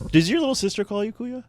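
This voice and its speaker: A man's voice: extremely high pitch, slight background noise. A man co-hosting a comedy podcast, giving dry, short replies and giggling often. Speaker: podcast co-host. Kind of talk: casual comedy podcast chat.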